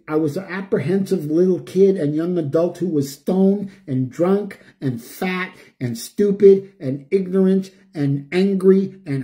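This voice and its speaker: An older man giving an emotional, preachy spiritual monologue, chanting repeated phrases and swinging between loud and hushed. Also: a little high. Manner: preachy, repetitive, chanting lists. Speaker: spiritual speaker.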